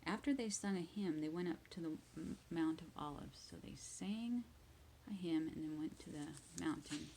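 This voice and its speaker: A woman reading Bible verses aloud slowly and retelling each one in simple words for English learners, at times dropping to a whisper. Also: low voice, creaky, mellow, slight background noise, low-quality recording. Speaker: English teacher.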